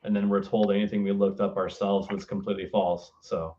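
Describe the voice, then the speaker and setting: A man's voice: lowish voice, flat delivery, a little fast, warm tone, a little hiss or hum. A man co-hosting a casual political chat, talking earnestly and explaining things. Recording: dull lo-fi sound.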